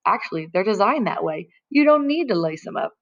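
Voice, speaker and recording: A woman's voice: medium pitch, big pitch swings, a little fast, highs cut off. A woman voicing a smug male shoe store manager in a storybook reading.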